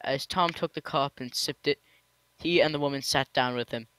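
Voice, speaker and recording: A man's voice: medium pitch, moderate pace, a bit bright, a little hiss or hum. A man reading a fan story aloud to friends in a casual, playful way, with profane asides and self-corrections.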